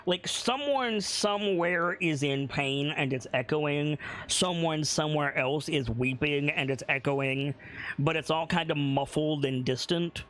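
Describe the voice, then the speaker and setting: A man narrating as game master of a tabletop game, building the scene slowly, detail by detail. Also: a little high, fairly bright tone. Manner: slow, descriptive, builds scenes piece by piece.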